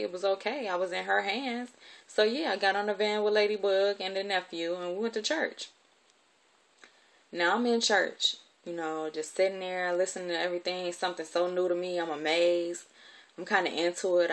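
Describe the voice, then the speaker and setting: A woman's voice: fairly low pitch, steady tone, moderate pace. A woman telling a personal story from her childhood in a candid, conversational way, with plenty of profanity.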